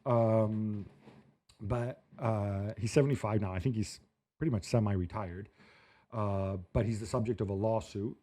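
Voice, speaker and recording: Male sports pundit, lower register and mellow; measured, filler-heavy panel talk. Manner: thoughtful, hesitant with many fillers. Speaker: football analyst.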